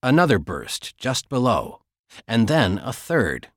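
A man narrating a thriller audiobook in a steady, measured storytelling voice. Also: mid-range voice, no room sound, studio quality. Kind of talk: scripted narration.

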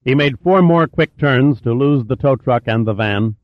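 A man reads thriller narration in a steady, measured voice at a middle pitch. The recording is dry and a little muffled, with no room sound at all. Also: no room sound. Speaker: audiobook narrator.

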